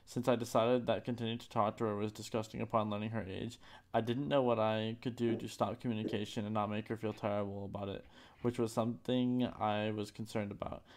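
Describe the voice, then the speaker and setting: A man with a low voice reads a prepared statement aloud. His delivery is flat and subdued, with halting, remorseful pauses between phrases. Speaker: streamer reading a public apology.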